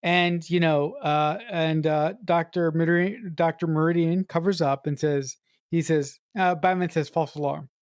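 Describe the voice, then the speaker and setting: A woman's voice: low-pitched, fairly even intonation, measured pace, darkish tone, no room sound, clean studio sound. A woman co-hosting a movie podcast who is also a writer, talking enthusiastically and repeating words as she gathers her thoughts. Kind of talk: casual movie review chat.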